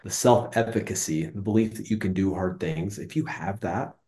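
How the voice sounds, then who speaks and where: Low, mellow-voiced man telling stories. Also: moderate pace. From Utah, United States. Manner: earnest, conversational, frequent restarts. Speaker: interview guest, business executive. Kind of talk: reflective storytelling.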